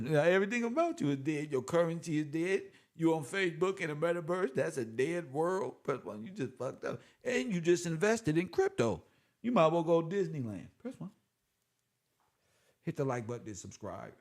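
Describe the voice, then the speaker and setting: A man speaking who delivers a preachy, swearing monologue to his viewers, swinging between loud and soft. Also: on the high side. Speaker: online commentator.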